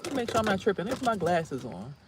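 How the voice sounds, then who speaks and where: Animated, swearing woman vlogging outdoors. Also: lowish voice, fast talker, noisy background. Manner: animated, swearing, exclaims loudly at things she sees. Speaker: spiritual vlogger and reader. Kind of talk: casual rambling vlog. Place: outdoors near trees.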